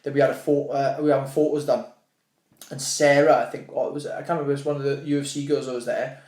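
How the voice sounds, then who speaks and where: A young Welsh man, a podcast guest, telling stories in casual chat, animated and swearing, acting out what people said. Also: mid-range voice, quick pace, reverberant. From Wales. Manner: animated, swearing, restarts and acts out quotes.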